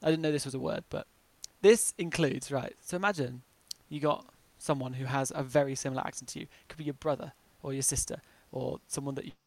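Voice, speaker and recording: A man's voice: medium pitch, fairly even intonation, no room sound. A young man with a southern English accent chatting casually on a podcast, full of "like" fillers. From southern England. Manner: chatty, lots of "like" fillers, quick to laugh. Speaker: podcast co-host. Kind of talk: casual chat.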